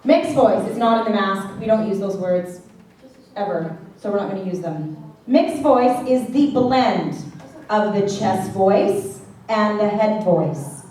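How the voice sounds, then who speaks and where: A woman's voice: medium pitch, unhurried, a little mellow. Echoey woman coaching singers from afar. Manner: demonstrates by singing vocal exercises; chatty, playful teaching. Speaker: vocal coach. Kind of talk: worship singing class. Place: classroom or church hall. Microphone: handheld mic. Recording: echoey room from far off, faint background noise.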